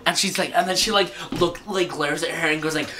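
Rambling low-voiced young woman. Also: fairly quick, noisy background. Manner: rambling, full of "like" and swearing, acts out scenes. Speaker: vlogger. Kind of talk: casual chat.

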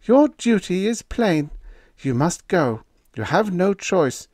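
Diane, a man doing a bossy, high-pitched young wife. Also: big pitch swings, slow, darkish tone, no room sound, clean studio sound, heavily acted. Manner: bossy, clipped. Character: imperious, brisk young wife, woman.

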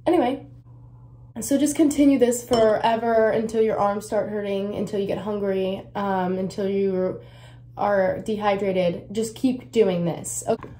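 A young woman talks through a hair tutorial in a loose, rambling way. She mocks herself, trails off and fills gaps with "like" and "um" at a middling pitch. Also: fairly even intonation, measured pace, dark tone. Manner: rambling, self-mocking, lots of fillers; drifts into whispering at times. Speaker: beauty vlogger. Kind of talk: casual hair tutorial chat.

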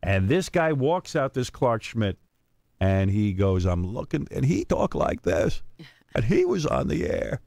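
A man tells a story on a radio show, his pitch swinging widely as he slips into the voices of the people he met. He has a middling pitch and a dry, close sound with little room echo. His asides come thick and emphatic. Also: big pitch swings, measured pace, vocal fry, darkish tone. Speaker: radio host. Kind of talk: animated storytelling.

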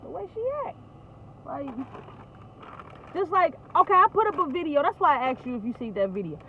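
A woman's voice: high-pitched, big pitch swings, a little fast. A woman venting in casual, profane talk on a phone call, laughing often. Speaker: vlogger. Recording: tinny phone line, faint noise.

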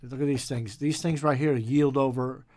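A man's voice: mid-range voice, steady tone, normal speed, a little mellow. A man casually commenting on a game he is playing, joking around and tossing in pirate growls. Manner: jokey, playful, growls pirate noises. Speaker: gaming channel host.

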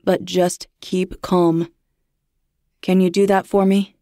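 A woman voicing a calm, firm male police dispatcher in a narrated horror story, speaking in an official, reassuring way. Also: on the low side, takes it slowly, no room sound, clean studio sound.

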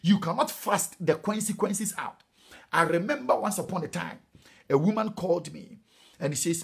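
A middle-aged Ghanaian man preaching a sermon, emphatic and animated, with sudden high exclamations. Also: normal speed, gravelly, breathy edge. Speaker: pastor.

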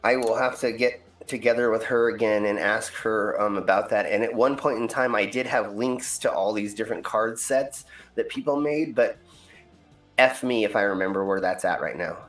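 A man with a lowish voice, talking at a moderate pace, hosts a game stream and chats casually, rambling with lots of ums and uhs. The recording has a roomy echo and faint music.

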